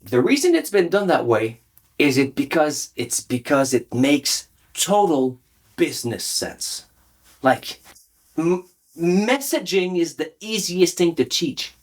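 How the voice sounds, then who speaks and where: A man teaching public speaking straight to camera, emphatic and animated, often checking in with the viewer. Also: on the high side, takes it slowly. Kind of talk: direct-to-camera coaching talk.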